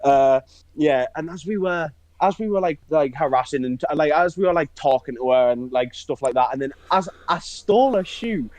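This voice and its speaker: A man's voice: a little high, lively intonation, normal speed, darkish tone, no echo, poor audio. A young man, co-hosting a podcast and telling a funny story in casual chat, laughing often. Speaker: podcast co-host.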